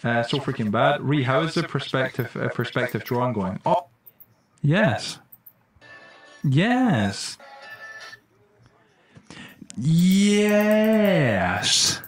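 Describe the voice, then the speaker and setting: A young man live-streaming a survival game and chatting loosely with his viewers. His voice sits at an ordinary middle pitch, and he jumps from mumbled asides to loud, startled yelps. He swears freely and sounds close to a desk mic. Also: fairly quick, soft background music. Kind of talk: casual live-stream commentary.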